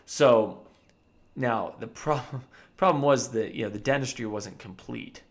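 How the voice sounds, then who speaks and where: A dentist telling a funny story from his practice in a casual chat, animated and often laughing. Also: mid-range voice, a little slow. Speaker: podcast co-host.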